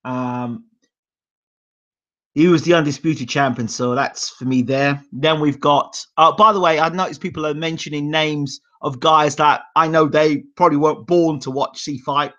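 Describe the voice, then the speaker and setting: A man's voice: fairly high pitch, fairly even intonation, normal speed, bright, forceful tone. A man in his forties hosting a boxing channel, telling casual stories and acting out his dad's voice in the quoted lines. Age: 40s. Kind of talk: casual storytelling monologue. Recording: dull lo-fi sound.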